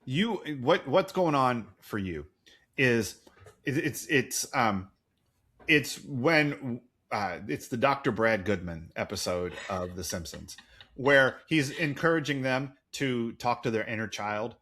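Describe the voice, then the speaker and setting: A man's voice: medium pitch, expressive, slow, a bit bright. A man in his forties co-hosting a podcast in casual chat, rambling and jokey. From United States. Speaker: podcast co-host.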